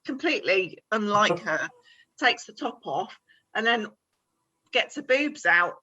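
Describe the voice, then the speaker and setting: A woman's voice: medium pitch, lively intonation, a little slow, sharp tone, slightly rough, lo-fi sound. A woman co-hosting a film podcast, retelling scenes in a chatty, giggly way. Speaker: podcast co-host. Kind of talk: casual film chat.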